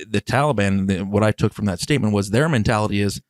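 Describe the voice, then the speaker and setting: A man's voice: on the low side, quick pace, no room sound. A man in his thirties co-hosting a podcast, chatting reflectively with stammering restarts. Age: 30s. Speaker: podcast co-host. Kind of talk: casual chat. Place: podcast studio.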